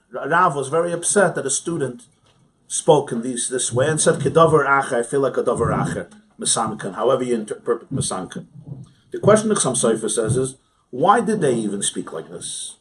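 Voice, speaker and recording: A rabbi teaching a Talmud class in a study hall, conversational, asking rhetorical questions and chuckling often. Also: male voice, medium pitch. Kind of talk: informal study-hall lecture.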